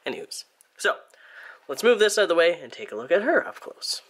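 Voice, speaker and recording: Chatty, playful toy reviewer from Germany, with a lively, swooping voice. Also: medium pitch, a little fast. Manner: chatty, playful, makes little sound effects. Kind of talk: casual hands-on review.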